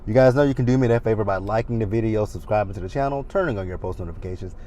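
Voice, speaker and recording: A man's voice: fairly low pitch, very fast, warm tone, a little hiss or hum. A man in his thirties recapping a reality show in a chatty, sassy way with dramatic asides. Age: 30s. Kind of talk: casual recap commentary.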